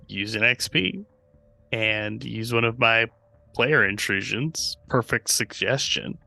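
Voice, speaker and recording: A man's voice: on the low side, gravelly, sharp tone, no echo. A man playing his character in a tabletop game, hesitant and full of fillers. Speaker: player.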